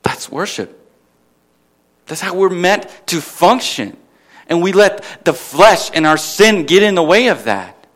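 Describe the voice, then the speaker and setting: A man's voice: high voice, expressive, measured pace, fairly bright tone. A man preaching a sermon at a church gathering, asking his listeners questions and building to emphatic peaks.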